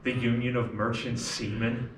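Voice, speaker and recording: A young man acting a skeptical co-worker who fires quick, probing questions, recorded from far off in an echoey room. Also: mid-range voice, little pitch movement, noisy background, natural voice. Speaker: student actor. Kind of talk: stage play scene.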